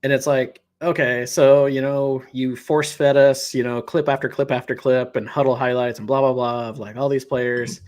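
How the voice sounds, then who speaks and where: A man's voice: mid-range voice, level tone, moderate pace, hardly any pauses, darkish tone. Rambling male sports podcast co-host. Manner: rambling, many fillers like "you know". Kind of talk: casual sports chat.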